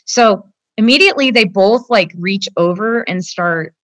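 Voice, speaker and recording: A woman's voice: mid-range voice, normal speed, fairly bright tone, dry recording. Earnest woman telling her story, dry sound. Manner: earnest, rambling storytelling with many fillers. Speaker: interview guest. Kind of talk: personal account in a conversation.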